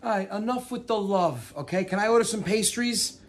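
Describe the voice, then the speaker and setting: A man's voice: high voice, animated, brisk. Exasperated New man in a sketch. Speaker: comedian. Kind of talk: comedy sketch.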